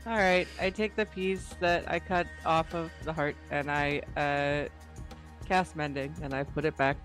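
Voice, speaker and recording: A woman playing a tabletop role-playing game, describing her actions in an unhurried, dry way. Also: deep voice, steady tone, faint music behind. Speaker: player.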